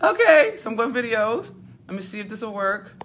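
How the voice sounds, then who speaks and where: Bright-voiced woman chatting on a livestream. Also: medium pitch, fairly even intonation, brisk. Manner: chatty, fussy, laughing, talks to viewers by name. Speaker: business mentor hosting a livestream. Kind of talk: casual livestream chat. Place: hotel suite. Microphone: phone held at arm's length.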